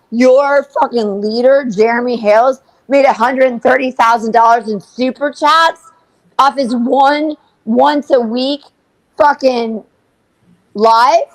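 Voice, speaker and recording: A woman's voice: high-pitched, fairly even intonation, slow pace, dry recording, poor audio. A woman co-hosting a livestream, ranting furiously and swearing constantly. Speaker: co-host. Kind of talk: livestream commentary.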